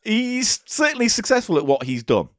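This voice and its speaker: Sardonic man, very animated pitch. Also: moderate pace, no room sound, clean studio sound. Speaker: podcast co-host. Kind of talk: casual chat.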